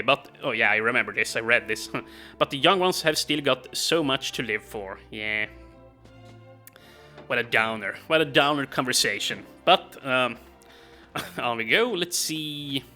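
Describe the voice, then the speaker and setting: A man's voice: medium pitch, sharp tone. A man casually commenting on his gameplay as a let's play host, rambling with many fillers and chuckles.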